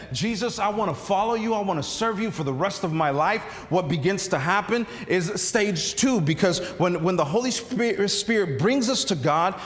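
A man's voice: a little high, big-room sound. A male pastor preaching a sermon in a loose, conversational storytelling way, full of restarts and fillers.

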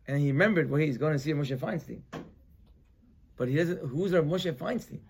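A man teaching a weekly Torah class as a rabbi. He tells the story in an animated way, swinging between loud emphasis and quiet asides, and he sprinkles Hebrew terms into his English. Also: fairly high pitch, normal speed, vocal fry, husky.

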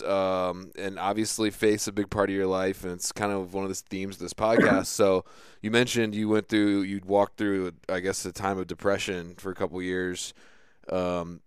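A man's voice: fairly low pitch, smooth, no room sound, clean studio sound. A man hosting a podcast, chatting in an easygoing way with rambling asides. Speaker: podcast host. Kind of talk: casual podcast interview.

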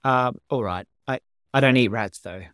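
A man's voice: medium pitch, moderate pace, fairly bright tone, smooth, no room sound, close to an everyday voice. A man voicing a nervous, timid young boy who hesitates and stammers in a dry, close recording.

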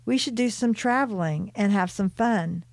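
A woman's voice: medium pitch, moderate pace, vocal fry, no room sound, studio quality, lightly acted. Woman reading a bored, witty orca spirit. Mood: teasing.

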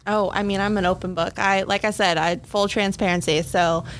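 A woman's voice: medium pitch, fairly even intonation, normal speed, a little hiss or hum. A young adult woman, a teacher and coach, talking openly and casually as a podcast guest, with lots of "like" and "um". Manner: open and candid, many fillers like "like" and "um". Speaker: third grade teacher and cross country coach, podcast guest. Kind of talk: casual conversational storytelling.

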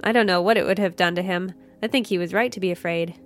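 Woman reading as a tired shaky spacewoman, quiet and subdued, storybook style. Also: lowish voice, fast, soft background music, lightly acted. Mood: weary. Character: weary, shaky female crew member.

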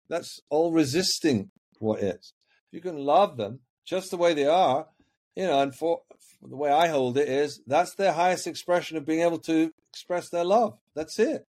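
A man's voice: on the high side, moderate pace, darkish tone. A man talking as a coaching guest on a podcast, earnest and reflective, often repeating words while he finds his point. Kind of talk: podcast conversation.

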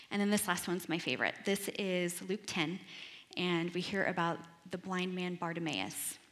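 A woman's voice: on the low side, fairly bright tone, in a large hall. A woman giving a casual devotional Bible teaching, retelling the stories conversationally with chatty asides.

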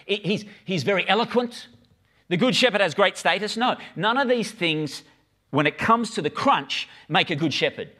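A man's voice: medium pitch, a bit bright. A middle-aged man, preaching a casual, conversational sermon with frequent stammered restarts. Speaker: pastor.

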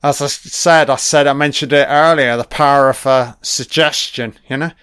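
A British man giving a casual commentary on a film. He reacts out loud and swears often as he rambles. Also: medium pitch, fairly even intonation, moderate pace, clean tone, no room sound, clean studio sound. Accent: British English.

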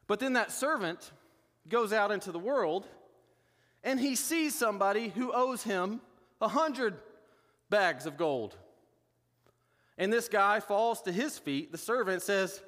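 A man's voice: high-pitched, animated, slow pace, pauses often, fairly bright tone, in a large hall. A man pastor preaching a sermon in a conversational way, with joking asides.

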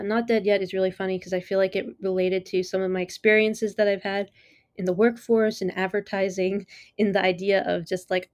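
Hosting a casual solo podcast chat, a woman rambles in an enthusiastic, easily amused way, leaning on "like" and "you know." Her medium-pitched voice moves little in pitch, runs fairly quick and a little mellow, in a clean studio with no room sound.

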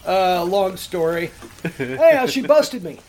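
High-voiced, profane male comedy host. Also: animated, a little slow, darkish tone. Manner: profane, rambling, laughing often. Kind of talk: casual comedic storytelling.

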